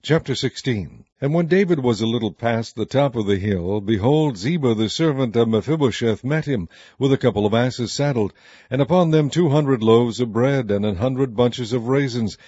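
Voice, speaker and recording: A man giving a steady, measured scripted reading of scripture as narrator. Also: medium pitch, slightly rough, dry recording, lo-fi sound.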